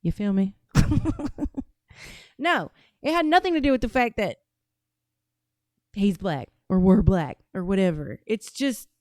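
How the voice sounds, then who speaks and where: A woman's voice: medium pitch, lively intonation, unhurried, pauses often, darkish tone, dry recording. A woman from Atlanta hosting a podcast, talking casually and bluntly with lots of profanity while reacting to clips. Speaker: podcast host. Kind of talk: casual commentary on played clips.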